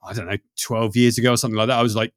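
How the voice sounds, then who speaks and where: A middle-aged British man, a coach, talks as a guest on a podcast. He rattles along quickly, tripping over his words and then restarting. The sound is close and dry with no room in it. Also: mid-range voice, dry recording. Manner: fast, animated, many restarts and fillers. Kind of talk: casual podcast conversation.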